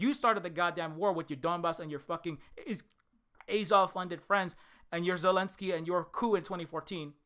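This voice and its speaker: A man from Hawaii, an indie game developer, delivering a heated, profane rant to camera, repeating himself and swinging from shouting to weariness. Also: sits high. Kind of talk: direct-to-camera angry rant.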